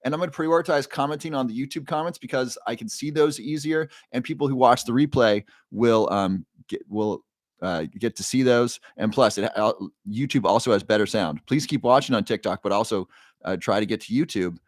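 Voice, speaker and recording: A man's voice: mid-range voice, a little fast, dry recording, studio quality. A man hosting a live stream, cheerfully greeting viewers by name and reading their comments aloud, with frequent fillers. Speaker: livestream host. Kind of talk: casual livestream chat, reading viewer comments. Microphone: new microphone.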